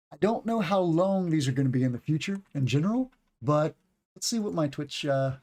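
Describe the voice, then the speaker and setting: A man's voice: fairly high pitch, darkish tone. A man in his forties, an English teacher giving a casual livestream lesson, chatty and rambling, stretching out words to show stress and intonation. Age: 40s.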